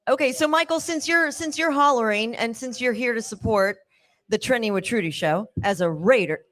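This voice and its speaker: A woman's voice: fairly high pitch, moderate pace, a bit bright. A woman hosting a live talk show from a bar, running through names and thanks in an upbeat way. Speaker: show host.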